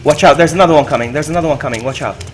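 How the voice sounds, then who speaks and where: A man streaming a co-op game, chatting excitedly with his partner and repeating himself as he reacts. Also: a little high, very fast, noisy background. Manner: excitable, yelps and laughs often, repeats himself. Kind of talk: excited gaming commentary.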